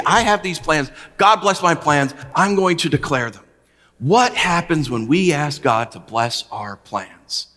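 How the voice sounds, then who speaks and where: Preacher, male, from the US: lively storyteller with a bright tone, reverb of a big room. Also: mid-range voice. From United States. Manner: animated storytelling, acting out his own past words. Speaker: pastor. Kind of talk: sermon.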